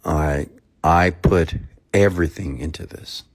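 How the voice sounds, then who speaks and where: A man's voice: low voice, unhurried. A man in his thirties giving a motivational talk, telling a personal story and acting out the people in it. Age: 30s. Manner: animated, acts out both sides of a story. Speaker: motivational speaker.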